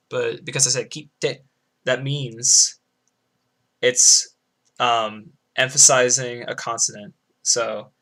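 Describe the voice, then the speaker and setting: A man's voice: medium pitch, sharp tone. Rambling young man, casual commentary. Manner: rambling and loose, lots of "like", swears freely; explaining Japanese words like a student. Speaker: speedrunner. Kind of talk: casual commentary over a game run.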